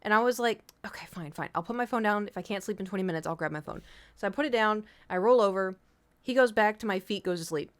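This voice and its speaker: A woman's voice: mid-range voice, fast talker, smooth. A woman streamer chatting casually with viewers, telling a rambling story with swearing and the odd whispered aside. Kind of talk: casual chat.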